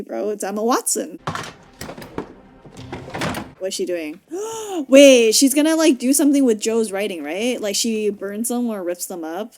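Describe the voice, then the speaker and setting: A woman giving casual movie reaction commentary, excitable and slangy, laughing often and swearing. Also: medium pitch. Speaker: reaction vlogger.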